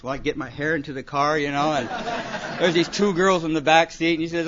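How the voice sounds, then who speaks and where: High-voiced man telling funny recovery stories. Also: fast. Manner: animated, comic storytelling with lots of "you know" and "man". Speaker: AA speaker. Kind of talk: storytelling talk to a live audience. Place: meeting hall with a laughing audience. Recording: dull lo-fi live recording with audience.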